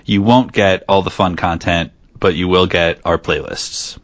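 A man's voice: deep voice, steady tone, unhurried, dry recording. A man co-hosting a podcast, chatting casually and joking as he rambles. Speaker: podcast co-host.

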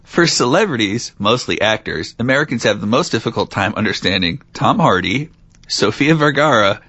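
A man's voice: medium pitch, animated, moderate pace, pushed and bright, no echo, muffled recording. A man hosting a casual podcast, reading out facts and teasing his co-host with frequent laughs.

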